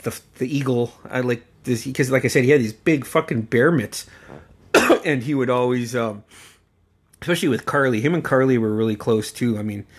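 A man with a medium-pitched, slightly rough voice tells rambling family stories about a late relative, cussing as he goes and often laughing mid-sentence. His casual anecdotes come out haltingly, with lots of fillers and restarts.

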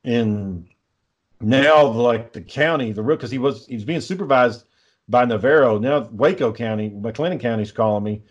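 A man's voice: medium pitch, moderate pace, lo-fi sound. A man hosting a podcast, telling a long story in casual chat, swearing often and sounding exasperated. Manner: profane, exasperated, lively storyteller. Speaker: podcast host.

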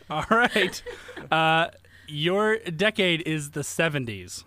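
A man hosting a casual quiz game, halting and restarting his sentences. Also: a little high, expressive, a crowd in the background. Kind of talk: casual game show chat.

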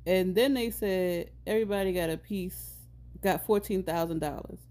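Woman in her thirties, podcast co-host, warm mellow tone, lower pitch, playful casual talk. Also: moderate pace. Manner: playful, laughing asides. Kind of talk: casual chat.

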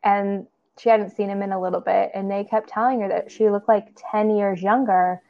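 A woman's voice: medium pitch, steady tone, normal speed, a little mellow. Chatty woman therapist on a podcast, laughs a lot, says um and like, kinda dull lo-fi audio. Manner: chatty, laughs often, lots of fillers. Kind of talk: casual podcast chat.

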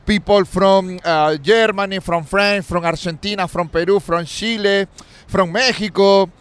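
A man who is not a native English speaker, a costumed street performer, talking haltingly in broken English with many pauses, outdoors in a busy city square. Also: high voice, fairly even intonation, fairly bright tone, clean tone. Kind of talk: casual street interview.

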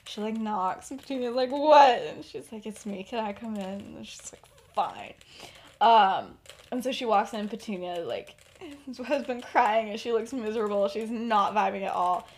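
A woman's voice: medium pitch, moderate pace. A woman hosting a podcast, retelling a fan story casually, rambling with many fillers and laughing often. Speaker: podcast host.

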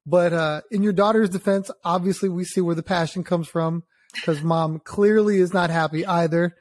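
A man joins a podcast as a guest and chats in a casual, easygoing way. His voice sits high for a man, and he laughs often as he talks. The recording is dry. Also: fairly even intonation, moderate pace, no room sound. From Texas. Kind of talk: casual chat.

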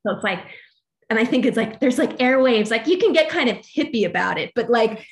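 A woman's voice: a little high, fairly quick. A young adult woman, a musician guest, talking through faith and doubt in a loose, rambling way full of fillers. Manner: rambling, filler-heavy, animated. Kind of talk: casual faith conversation.

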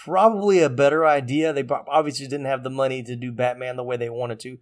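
A man's voice: mid-range voice, steady tone, quick pace. A man co-hosting a podcast, talking casually in a rambling way. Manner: chatty, rambling, laughs often. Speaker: podcast co-host.

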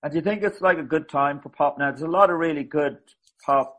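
Very deep-voiced woman interviewer. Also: fairly bright tone. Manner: hesitant, halting questions with many restarts. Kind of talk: casual interview chat.

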